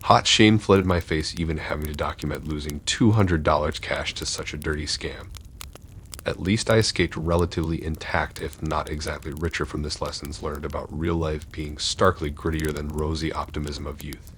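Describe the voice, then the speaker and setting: A man reading horror stories aloud in a steady, dark scripted narration. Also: very deep voice, normal speed, a little hiss or hum.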